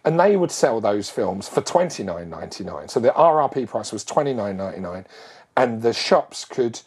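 A middle-aged man telling a long childhood story in a casual, animated way, full of quick asides. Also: on the low side, husky.

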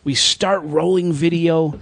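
A man's voice: on the high side, steady tone, slow, gravelly, fairly bright tone, no echo. A man hosting a casual group podcast, telling a travel story and acting out the people he met. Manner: storytelling, acts out quoted people. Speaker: podcast host.

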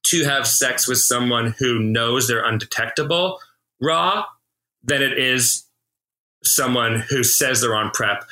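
A man comedian hosting a podcast, talking openly in a halting way with many restarts. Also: medium pitch, sharp tone, low-quality recording. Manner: halting, full of restarts and fillers. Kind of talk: casual podcast chat.

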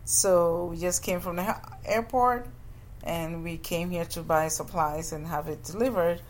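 A woman who runs a childcare business, casually telling a story in an animated way and acting out the people she quotes. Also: unhurried, slight background noise. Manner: animated, acts out quoted people with jumps in pitch.

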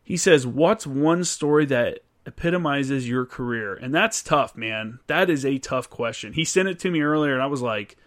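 A man's voice: mid-range voice, expressive, normal speed, few pauses, fairly bright tone. A man hosting a show and answering listener questions, telling a story in a loose, casual way, swearing often and restarting his sentences. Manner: loose and profane, with many "like"s and restarts.

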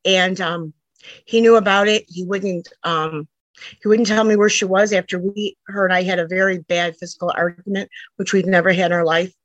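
Low-voiced middle-aged woman telling a story. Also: steady tone, normal speed, no echo, low-quality recording. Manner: earnest, rambling retelling that jumps back and forth in time. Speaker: interviewee, a mother telling her daughter's story. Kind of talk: personal storytelling.

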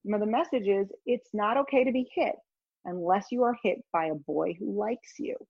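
Low-voiced woman rambling animatedly through a story, dull lo-fi sound, dry and close. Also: normal speed, a little mellow, breathy edge, dry recording. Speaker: interview guest. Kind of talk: conversational storytelling.

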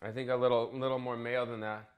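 A man's voice: medium pitch, level tone, fast, phone-quality sound. A man hosting a casual comedic cooking vlog, bossy and profane, teasing his cameraman. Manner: crude, bossy, joking, profane.

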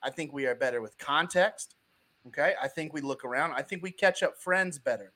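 A young adult man hosting a casual sports podcast over a video call, riffing in an animated way. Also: a little high. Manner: animated, riffing, quick asides. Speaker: podcast host.

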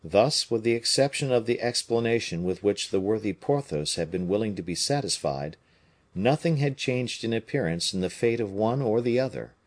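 Low-voiced man narrating an audiobook. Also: animated, normal speed. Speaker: audiobook reader.

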